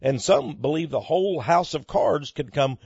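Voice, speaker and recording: Emphatic man with a lively, swooping voice. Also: fairly high pitch, moderate pace, vocal fry, husky, no echo. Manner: emphatic, rhetorical questions, swinging loud and soft. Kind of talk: preaching commentary on economic news. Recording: dull lo-fi dry recording.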